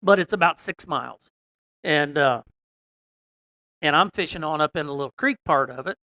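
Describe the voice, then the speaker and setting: A man telling a long fishing story in a casual, folksy way, rambling with many "and, uh" pauses. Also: fairly high pitch, sharp tone, no room sound. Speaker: podcast guest telling a story.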